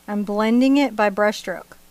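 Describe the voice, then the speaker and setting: In a slightly mellow, mid-range voice at a normal speed, with no echo, a middle-aged woman teaches painting over a live stream. As an art instructor she stays chatty and playful, tossing in jokes and laughs between steps.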